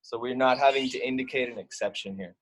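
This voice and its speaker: A man's voice: medium pitch, quick pace, a bit bright, rough recording. Patient male Spanish teacher explaining. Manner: patient, step-by-step explaining with many fillers. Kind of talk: explaining grammar to young students.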